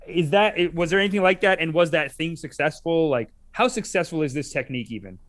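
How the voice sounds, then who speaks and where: A man co-hosting a casual podcast chat, talking in a quick, jokey way. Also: fairly high pitch. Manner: quick, jokey, laughs often. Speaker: podcast co-host.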